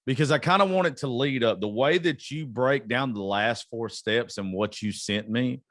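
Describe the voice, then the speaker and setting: A podcast host with a Southern US accent, talking in a hesitant, self-conscious way in a casual interview. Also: male voice, mid-range voice, moderate pace, fairly bright tone, no room sound, studio quality.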